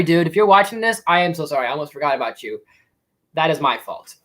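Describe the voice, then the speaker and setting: A man's voice: mid-range voice, a little fast, fairly bright tone, rough recording. A young man in casual live-stream chat, rambling with many fillers and restarts as he answers viewers. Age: young adult. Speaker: YouTube streamer.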